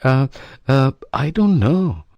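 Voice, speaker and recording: A man's voice: lowish voice, very slow, slightly rough, no echo, muffled recording, full character voice. A man voicing a timid male servant in a storybook reading, stammering and nervous. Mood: startled. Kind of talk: storybook acting.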